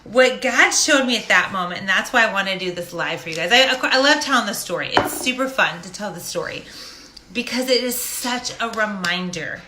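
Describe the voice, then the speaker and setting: A woman's voice: medium pitch, lively intonation, normal speed, background noise. A middle-aged woman telling a personal story to a live audience in a casual, jokey, self-deprecating way. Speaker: host of a live stream. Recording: echoey room.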